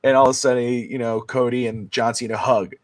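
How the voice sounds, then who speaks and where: Male co-host, casual live-stream chat, animated fan energy, medium voice, dry recording. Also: mid-range voice, a little fast, dry recording. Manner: excited storyteller, many fillers. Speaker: sports talk show co-host.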